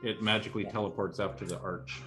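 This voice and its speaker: A man's voice: lowish voice, steady tone, fast talker, pushed and bright, faint music behind. A man narrating a tabletop game as game master, describing scenes with frequent fillers.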